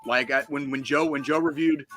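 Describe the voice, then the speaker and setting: A man's voice: mid-range voice, fairly even intonation, a little fast, pushed and bright, a little hiss or hum. A man from the United States co-hosting a gaming podcast, ranting heatedly and swearing constantly in casual chat. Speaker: podcast co-host.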